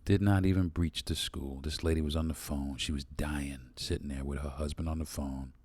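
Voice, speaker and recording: A man with a very deep voice talking straight into the mic on his own podcast. He speaks bluntly and with passion, swearing freely. The sound is dry and close, with no room around it. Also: fairly even intonation, moderate pace, darkish tone, husky, no room sound. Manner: blunt, profane and impassioned. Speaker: podcast host. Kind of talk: solo podcast monologue.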